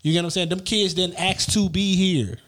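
A man's voice: high-pitched, steady tone, brisk, a bit bright. A young man, a father, arguing emphatically in casual slang-heavy chat. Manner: emphatic, slangy, repeats "you get what I'm saying".

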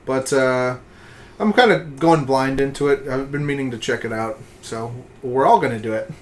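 A man's voice: medium pitch, normal speed, slight background noise. A man co-hosting a casual podcast chat, laid-back and chuckling between remarks. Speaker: podcast co-host.

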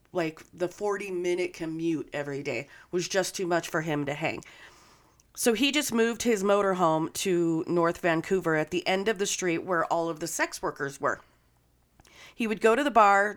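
A woman's voice: lowish voice, fairly bright tone. A woman co-hosting a podcast, telling a true-crime story in a casual, profane, joking way. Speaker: podcast co-host.

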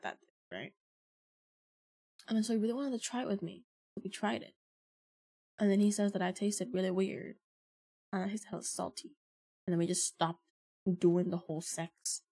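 A woman in her early twenties, a podcast host telling stories in a blunt, casual way with heavy swearing. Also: medium pitch. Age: early 20s. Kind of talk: casual storytelling.

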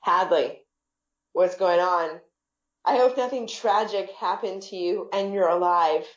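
A woman's voice: on the low side, unhurried, lo-fi sound, lightly acted. A woman voicing an awkward, blunt adult man who makes oddly formal remarks, read in an echoey room. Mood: earnest.

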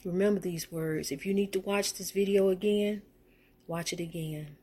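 A woman's voice: fairly low pitch, steady tone, moderate pace, dark tone. A middle-aged woman, telling a heartfelt personal story in a faith vlog, emotional and repetitive, sometimes preachy. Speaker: faith vlogger.

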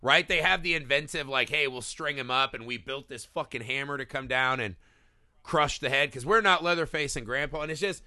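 Bright upbeat guy gushing about a horror flick, swears a lot, dry close mic. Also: mid-range voice, no echo. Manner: excited, profane, acts out scenes in quick bursts. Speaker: podcast co-host. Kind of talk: casual film review chat.

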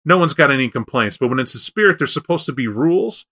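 A man hosting a casual chat about tabletop role-playing games, telling stories in a rambling, animated way with frequent restarts. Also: medium pitch, quick pace.

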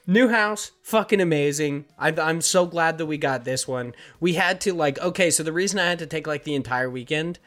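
A young man hosts a casual podcast, rambling and dropping plenty of fillers and curse words. His voice sits a little high, and the room around him is slightly echoey from bare laminate floors. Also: fairly quick, hardly any pauses, a bit bright. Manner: rambling, filler-heavy, swearing. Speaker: podcast host.

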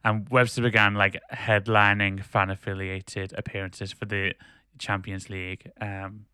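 A man's voice: fairly low pitch, level tone, a little slow, sharp tone, smooth, dry recording, studio quality. A man co-hosting a casual podcast, ranting with strong opinions and laughing easily. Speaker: podcast co-host.

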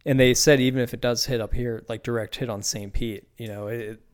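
A man's voice: mid-range voice, fairly even intonation, a little fast. A young man from Pittsburgh hosting a solo podcast, talking loosely and profanely with lots of restarts. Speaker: podcast host. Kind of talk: casual solo podcast rant.

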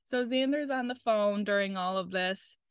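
A woman's voice: medium pitch, moderate pace, clean tone, no room sound, studio quality. A young woman talking casually and candidly as a podcast co-host, swearing freely as she tells a personal story and quotes the people in it.

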